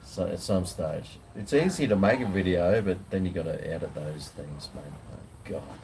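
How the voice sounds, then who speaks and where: Low-pitched aussie bloke rambling on his veranda, laid-back, swears a bit. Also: moderate pace, a little mellow, a little hiss or hum. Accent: Australian. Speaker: food vlogger. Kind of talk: casual live chat. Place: outdoors on a home veranda.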